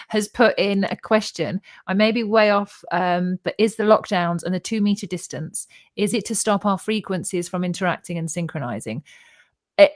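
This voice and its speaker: A woman hosting a casual live conversation, telling stories in an animated, chatty way. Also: mid-range voice. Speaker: host of a live spiritual talk stream.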